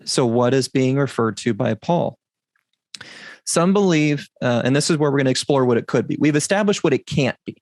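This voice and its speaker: A man hosting a Bible teaching podcast, explaining scripture in a deliberate, emphatic way. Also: a little high, animated, creaky, no echo. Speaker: podcast host.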